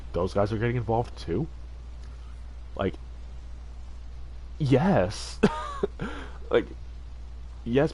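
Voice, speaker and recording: A man's voice: on the low side, a little mellow, a little hiss or hum, low-quality recording. A man streaming a game and chatting casually, earnest and heartfelt, rambling with lots of fillers and restarts. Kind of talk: casual livestream chat while gaming.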